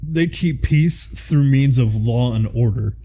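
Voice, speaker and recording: A man's voice: medium pitch, measured pace, mellow. A man with a Midwestern American accent, co-hosting a casual podcast chat, rambling and enthusiastic with lots of fillers. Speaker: podcast co-host.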